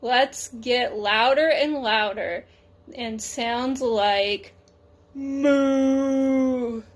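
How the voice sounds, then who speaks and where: Storybook cow, drawn-out and slow, read by a woman. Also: fairly high pitch, a bit bright, dull audio. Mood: keen.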